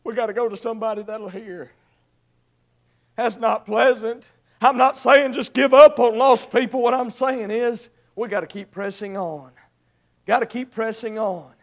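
A man preaching an evangelistic sermon, swinging between shouted, high-pitched exhortation and soft pleading. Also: fairly even intonation, normal speed.

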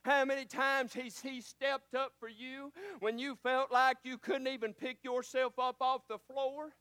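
Pastor, man, high bright voice, sermon that surges and drops back, close dry sound. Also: level tone, measured pace, smooth, no room sound. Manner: preaching with rises and drops, repeating phrases.

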